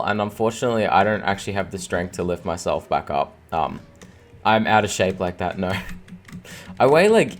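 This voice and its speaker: A young Australian man in his twenties with a very deep voice streams games, giving casual gameplay commentary. He rambles with lots of filler words and laughs often, sounding tired from no sleep.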